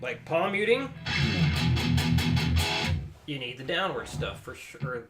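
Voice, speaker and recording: A man's voice: mid-range voice, very animated, slow pace. A man hosting a live stream, reacting casually to a guitar lesson video in a loose, rambling way and swearing now and then. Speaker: guitar teacher and stream host. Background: electric guitar playing.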